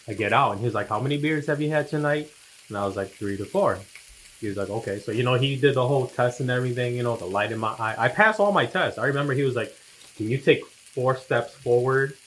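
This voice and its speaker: A man's voice: on the low side, a bit bright, a little hiss or hum, rough recording. A man casually telling a personal story as co-host of a couple's chat, laid back and slangy, acting out what he and others said.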